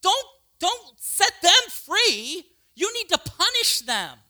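An enraged, despairing prophet, pleading and resentful, as a preacher puts him on. The voice is very bright and sharp-edged. Its pitch leaps up and down as it swells louder. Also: very animated, slow pace, full character voice. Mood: bitter pleading. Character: angry despairing male prophet.

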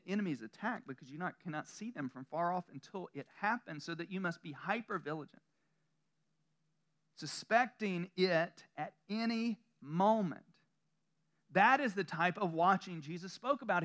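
Southern male pastor, high bright voice, preaches in a loose conversational way with chuckles and self-deprecating asides. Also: animated, moderate pace. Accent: Southern American. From Southern United States. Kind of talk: sermon. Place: church room before a congregation.

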